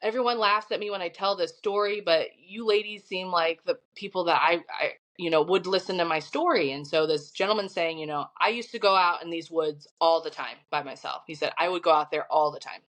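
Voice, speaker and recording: A middle-aged woman with a Midwestern American accent, a podcast guest telling a story in an animated, chatty way. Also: on the low side, a little fast, few pauses. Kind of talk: casual storytelling.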